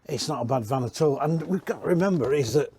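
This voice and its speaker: A man's voice: medium pitch, expressive, quick pace, a little mellow, a little hiss or hum. A man giving a casual, rambling walk-around tour inside used caravans, chatting and correcting himself as he goes. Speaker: caravan industry reviewer.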